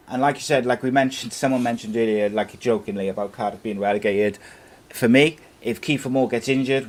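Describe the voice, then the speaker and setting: A young man with a fairly low voice talks football on a podcast. He thinks aloud loosely, trailing off and restarting his points as he goes. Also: darkish tone. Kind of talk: casual live podcast chat.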